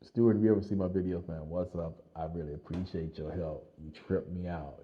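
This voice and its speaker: A man with a very deep voice tells a story from his own life as a casual vlog. He talks in an animated way, laughs often and leans on fillers. The sound is dull and slightly lo-fi. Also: fairly quick. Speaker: vlogger telling a personal story.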